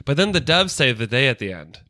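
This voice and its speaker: A man co-hosting a casual movie podcast, animated and quick to laugh. His voice is bright and forward, captured dry and close on the mic. He riffs loosely and swears now and then. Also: medium pitch, dry recording. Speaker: podcast co-host.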